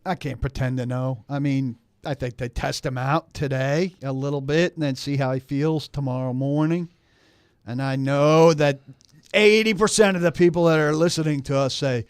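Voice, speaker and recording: A man's voice: fairly high pitch, steady tone, normal speed, smooth, no echo. A man co-hosting sports talk radio in casual banter, wry and argumentative, on a studio mic.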